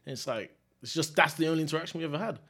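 A man's voice: a little high, very fast, a bit bright, slightly rough. Laid-back young man. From England. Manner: laid-back, slangy, laughs often. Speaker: guest. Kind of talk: casual storytelling.

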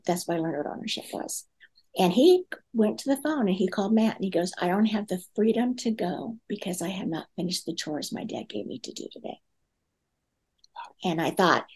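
A middle-aged woman, a guest speaker on parenting, tells a family story in a relaxed conversation, acting out the dialogue with many fillers. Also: medium pitch.

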